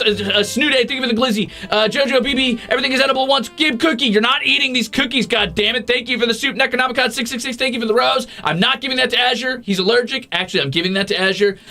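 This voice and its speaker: A man's voice: extremely high pitch, fast talker, bright, forceful tone. A man hosting a casual livestream, reading out viewer donations with profane, teasing, mock-grumpy banter. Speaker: streamer.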